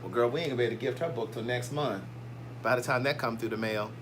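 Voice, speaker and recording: A man's voice: mid-range voice, fast talker, a bit bright, a little hiss or hum. A man hosting a casual livestream, chatty and playful as he reads out viewer comments. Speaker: livestream host.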